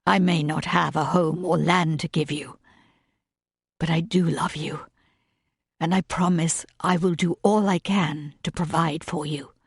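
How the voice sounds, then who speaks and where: A woman voicing a sincere, humble gentleman suitor in an audiobook reading. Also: low-pitched, fairly even intonation, a little slow, vocal fry, husky, no room sound, studio quality, exaggerated voice. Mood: earnest. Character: earnest gentleman suitor, man, heartfelt and humble. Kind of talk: audiobook narration.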